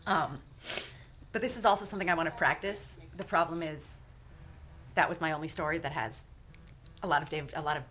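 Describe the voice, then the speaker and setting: A woman's voice: low-pitched, fairly quick, long pauses, fairly bright tone. Chatty, self-deprecating woman vlogger. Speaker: vlogger and podfic reader. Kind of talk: casual chat.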